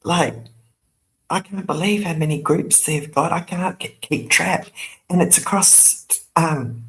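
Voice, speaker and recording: An older woman with a low voice speaks slowly while hosting her own YouTube channel. Her chat is casual and rambling, full of laughter and sarcastic asides.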